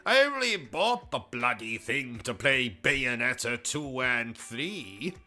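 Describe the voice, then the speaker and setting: British man, gaming host, pompous comic rants, very bright tone, lively swooping pitch, unhurried. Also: faint music behind. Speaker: gaming YouTuber. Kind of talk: comedic livestream rant.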